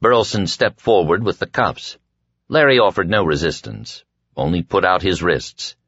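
Deep-voiced male audiobook narrator. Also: husky, no echo, lo-fi sound. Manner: measured storytelling, quietly voicing dialogue. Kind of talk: scripted narration.

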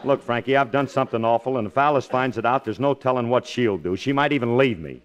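A man starring in a 1940s radio comedy, brash and flustered, quick with a quip. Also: medium pitch. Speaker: comedian and star of the show. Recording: hissy old radio broadcast.

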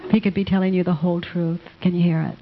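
A woman teaching a live audience, answering questions in a gentle, affectionate manner and calling people honey. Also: lowish voice, level tone, quick pace, background noise. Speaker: self-inquiry teacher. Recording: dull lo-fi sound.

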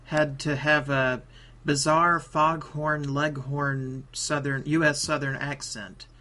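A man's voice: a little high, level tone, takes it slowly, sharp tone. A man co-hosting a casual podcast, rambling between points and joking about accents. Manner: rambling, laughs, hams up mock accents. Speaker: podcast co-host. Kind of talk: casual chat.

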